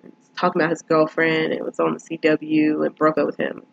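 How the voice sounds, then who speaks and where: A woman's voice: low voice, completely flat delivery, a little fast, creaky, dull audio. A woman casually retelling and reviewing a film, rambling with lots of fillers.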